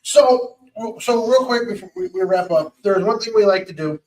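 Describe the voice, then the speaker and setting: A man's voice: high voice, expressive, normal speed, a little mellow, low-quality recording. A man hosting a podcast in casual chat, talking loosely and restarting his words often. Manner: chatty, repeats words as he restarts. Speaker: podcast host.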